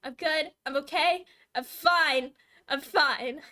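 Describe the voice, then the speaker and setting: A woman streaming a game with a very high, teary voice, still emotional after crying. She talks slowly, swearing and laughing at herself between reactions. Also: bright, forceful tone. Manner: emotional, tearful, swearing and self-mocking.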